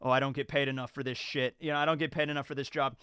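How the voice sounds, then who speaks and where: A man's voice: mid-range voice, flat delivery, rapid-fire, a bit bright, clear, resonant tone, dry recording, studio quality, pitched below the performer's own voice, natural voice. A man doing a weary, fed-up cart worker.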